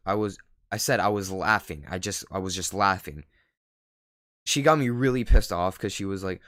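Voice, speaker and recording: A man's voice: sits low, moderate pace, a bit bright, no room sound, clean studio sound. A teenage boy vlogging, telling a rambling story full of fillers and laughing at himself. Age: teens. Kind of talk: casual storytelling.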